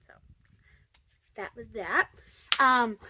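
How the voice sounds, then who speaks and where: A young woman vlogger telling a story casually, chatty with lots of fillers, dropping to whispers and bursting into excitement. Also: fairly high pitch, very slow, slight background noise. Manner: chatty, lots of "like" and "um", swings between excited outbursts and hushed whispers.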